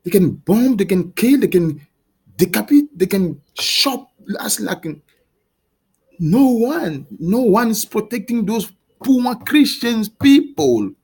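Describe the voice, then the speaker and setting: Husky, high-pitched man in a heated rant. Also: lively intonation, a little mellow. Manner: heated, pleading, repetitive questioning; halting restarts and repeated words. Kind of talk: impassioned monologue to camera.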